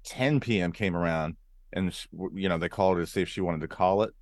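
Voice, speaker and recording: Low-voiced comedian dude from arizona, storytelling on a podcast, dry close mic. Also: male voice, quick pace, no room sound. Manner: animated storyteller, jumps into character voices. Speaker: comedian guest.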